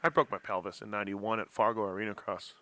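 A middle-aged man hosting a casual motocross chat, telling animated self-mocking stories. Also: lowish voice, quick pace, no room sound. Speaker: podcast host.

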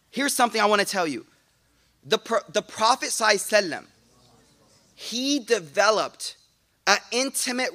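A man giving a lively religious talk to a congregation, slangy and casual, with frequent restarts and playful asides. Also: high-pitched. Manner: animated, playful preaching. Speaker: Islamic teacher.

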